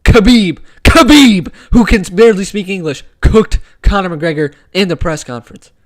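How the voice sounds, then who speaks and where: A man hosting a casual live sports talk stream, excitable and opinionated, using slang, on a wired desk microphone. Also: sits high, brisk. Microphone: desk microphone with wire.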